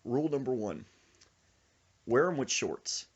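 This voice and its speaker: A man hosting a podcast, telling a comic story in an animated way and acting out the voices in it. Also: medium pitch, a little slow, husky, muffled recording. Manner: animated, acts out the voices he tells about. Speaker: podcast host.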